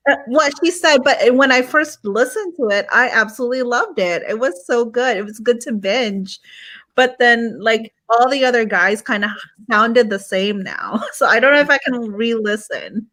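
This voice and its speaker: A woman in a casual group chat, relaxed and hesitant with frequent ums. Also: on the high side, normal speed.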